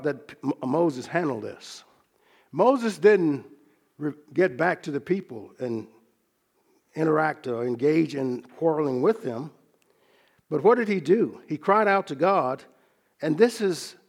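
A man preaching a sermon, teaching from scripture in a measured, earnest way and slowing down to stress key phrases. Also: mid-range voice, a little mellow, slightly rough.

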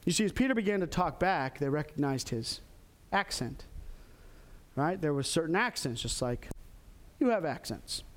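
A pastor preaching a sermon, animated, acting out quoted lines with sudden jumps in pitch. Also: male voice, moderate pace, pauses often. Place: church in Texas.

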